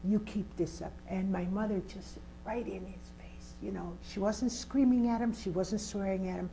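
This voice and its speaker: A woman's voice: mid-range voice, steady tone, normal speed, gravelly, mellow, a little hiss or hum, poor audio. Older woman telling a vivid story. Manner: vivid, emphatic storyteller who acts out scenes. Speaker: community organizer and trainer. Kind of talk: personal storytelling in an interview.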